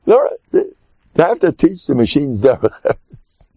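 A man's voice: fairly high pitch, slow, creaky, husky, dry recording. An older man, giving an informal sermon full of stories and acted-out quotes. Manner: animated storyteller, acts out quotes, chuckles often. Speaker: rabbi giving a talk. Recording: muffled dry recording.

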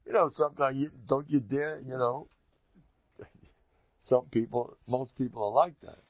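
A man in an informal storytelling talk, animated and rambling, chuckling as he goes and restarting his sentences. His voice sits in the middle range. The recording is somewhat dull and lo-fi, with a dry, close sound. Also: mid-range voice, moderate pace, no echo. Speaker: Hasidic storyteller giving a talk.

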